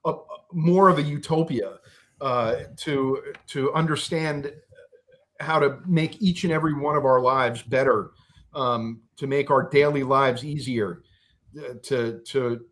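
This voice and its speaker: A man's voice: on the high side, a bit bright. A man speaking as a podcast guest in a heated political discussion, angry and impassioned, swearing and restarting his sentences.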